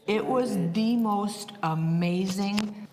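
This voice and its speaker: A woman relative telling her story in an animated, vivid way during an interview. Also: mid-range voice, slow, long reverb tail, a little hiss or hum. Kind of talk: emotional interview.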